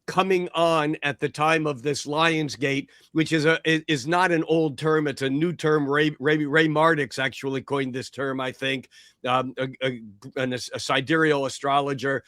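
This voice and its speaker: A man speaking as a panel guest, explaining his ideas thoughtfully, with halting restarts. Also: on the high side, fairly bright tone, dry recording, studio quality. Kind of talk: panel talk, reflective explanation.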